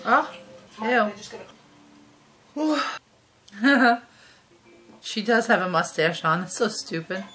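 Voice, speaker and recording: A woman in her thirties, a vlogger chatting casually and reacting out loud as she watches a movie at home. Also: a little high, expressive, slow pace, pauses often. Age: 30s. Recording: movie soundtrack playing behind.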